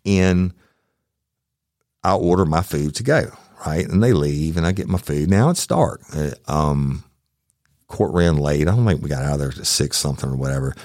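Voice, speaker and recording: Deep-voiced, profane storyteller. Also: male voice, normal speed, no echo, studio quality. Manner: profane, animated retelling. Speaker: podcast host. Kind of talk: true crime storytelling.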